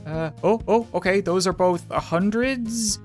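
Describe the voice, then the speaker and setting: A woman giving comedic let's-play commentary, swinging between panicked squeals and dry sarcastic calm. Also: medium pitch, unhurried, soft background music. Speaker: gaming video host.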